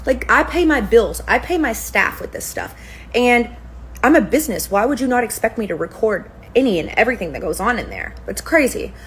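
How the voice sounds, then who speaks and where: Profane, animated woman telling a story. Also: fairly high pitch, a little fast, slight background noise, low-quality recording. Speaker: spa owner, permanent makeup artist. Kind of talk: casual storytelling rant to camera.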